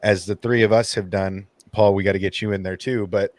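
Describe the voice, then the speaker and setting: A man hosting a casual group livestream chat, talking in an animated way and acting out his own nervous thoughts. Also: on the low side, a little fast. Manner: animated, acts out nervous inner voices. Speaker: channel host.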